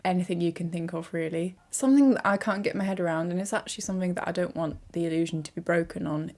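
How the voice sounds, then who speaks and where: A young woman, talking through a casual vlog in a chatty, animated way with self-mocking asides. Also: lowish voice. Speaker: YouTuber.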